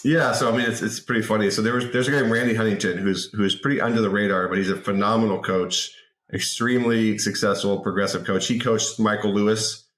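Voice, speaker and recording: A man in his forties telling an anecdote as a podcast guest in a lively, casual way, often repeating words. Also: fairly low pitch, brisk. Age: 40s. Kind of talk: casual interview storytelling. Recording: roomy echo.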